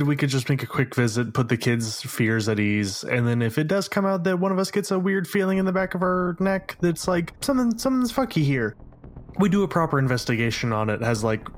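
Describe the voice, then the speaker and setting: A man playing in a tabletop role-playing game, talking with animated, rambling enthusiasm. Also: mid-range voice, a little hiss or hum. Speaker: player. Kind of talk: casual tabletop role-play.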